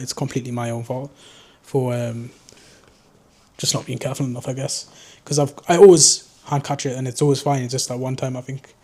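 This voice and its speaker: A man's voice: medium pitch, darkish tone. Rambling young man with a Geordie lilt. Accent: Geordie mixed with southern English. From North East England. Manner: rambling, loose, self-mocking. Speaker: drone vlogger. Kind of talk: casual unscripted chat to camera.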